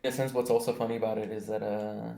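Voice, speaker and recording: A man's voice: lowish voice, flat delivery, fast talker, gravelly, roomy sound, crowd noise, low-quality recording. A young man from Mexico with an American accent, chatting casually as host, rambling with many fillers and restarts. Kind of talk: casual chat.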